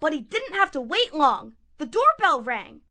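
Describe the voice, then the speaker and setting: A woman narrating a puppet show fairy tale in a playful, expressive way. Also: sits high, measured pace.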